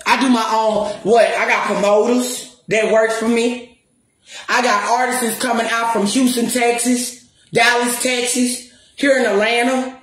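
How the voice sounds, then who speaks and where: In an echoey room, a woman with a voice on the high side speaks at a measured pace and a level tone. She's a spiritual counselor and music promoter ranting confrontationally at the camera, cursing, defiant, and hammering her points through repetition.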